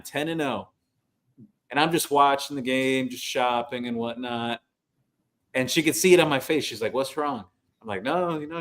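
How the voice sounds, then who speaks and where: A man's voice: on the high side, fairly bright tone. Man telling long sports stories. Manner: long-winded storyteller who quotes himself. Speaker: podcast co-host. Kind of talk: casual sports chat. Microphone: video call.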